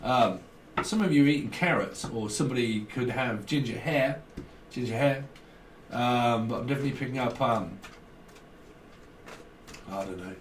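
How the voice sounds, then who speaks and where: A man's voice: medium pitch, normal speed, pauses often. A man giving a casual tarot reading, rambling and joking with chuckles between thoughts. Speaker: tarot reader. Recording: roomy echo, distant from mic, faint noise.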